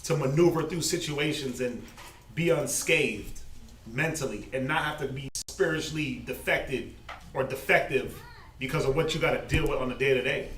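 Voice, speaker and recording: A man teaching a Bible study in a loose, slangy, animated way, laughing often. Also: medium pitch, moderate pace. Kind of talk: informal preaching. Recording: echoey, distant, faint noise.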